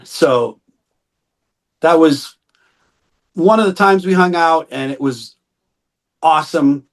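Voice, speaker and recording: A middle-aged man spins a long story as an interview guest, his voice sitting a little high for a man. He jumps into the voices of the people he quotes and laughs often along the way. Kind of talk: storytelling anecdote in casual interview.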